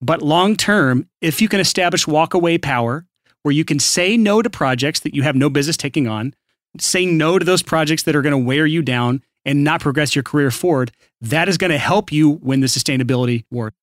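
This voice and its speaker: A man from Alabama co-hosting a podcast, talking in an energetic, motivational way. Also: on the high side, fairly quick, no room sound, studio quality. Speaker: podcast co-host. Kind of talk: casual podcast chat.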